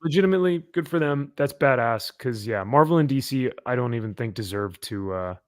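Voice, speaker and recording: A man hosting a casual comic-book chat podcast, animated and quick to laugh. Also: medium pitch, no echo, studio quality. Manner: animated, laughs often, jokey asides. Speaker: podcast host.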